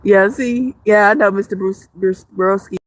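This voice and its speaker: A woman of medium pitch speaks at a moderate pace while casually chatting on a livestream and reading what viewers write. She's jokey and swears freely, rambling along with frequent restarts.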